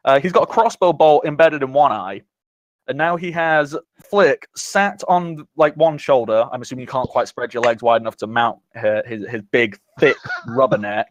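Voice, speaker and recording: A man's voice: medium pitch, moderate pace, no echo, muffled recording. A man running a tabletop game as game master, narrating in a descriptive way with chuckles.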